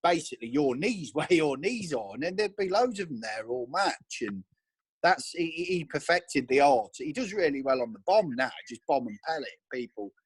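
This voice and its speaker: A man chatting on a video call, telling animated stories and acting out his friends' voices. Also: on the high side, normal speed, slightly rough, no echo. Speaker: regular angler on the chat. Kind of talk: casual video call chat.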